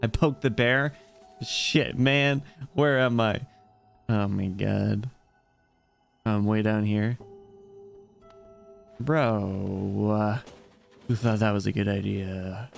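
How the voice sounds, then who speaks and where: A man giving excitable, exclamatory live commentary as he plays a game and chats with his viewers. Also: fairly low pitch, takes it slowly, gravelly, pauses often, soft background music. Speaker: streamer.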